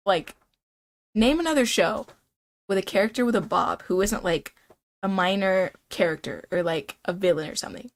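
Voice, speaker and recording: Woman streamer rambling to her chat, playful, lots of like and dude, average pitch. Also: darkish tone. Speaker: live streamer. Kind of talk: casual live-stream chat.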